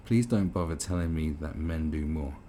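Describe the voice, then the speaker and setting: A man's voice: very deep voice, moderate pace, warm tone, slight background noise. A British man ranting in disbelief as he reads and reacts to an article, swearing often. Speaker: commentary host. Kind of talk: reaction commentary.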